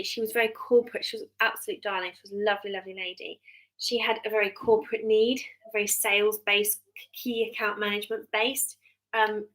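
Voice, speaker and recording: English mum on a live stream, thirties, bright tone, rambling and chatty with lots of ums. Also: female voice, mid-range voice, low-quality recording. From England. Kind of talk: casual live-stream chat. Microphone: webcam or phone mic on a live stream.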